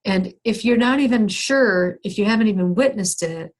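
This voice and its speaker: A woman's voice: medium pitch, moderate pace. A middle-aged woman counselor telling a candid, self-deprecating personal story in a skills workshop, with many restarts and fillers. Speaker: counselor teaching a skills session.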